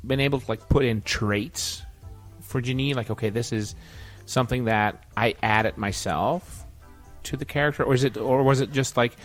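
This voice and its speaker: Hesitant Dutch-native podcast host. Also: male voice, medium pitch, moderate pace, soft background music. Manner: hesitant questioner, many fillers and restarts. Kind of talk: casual interview chat.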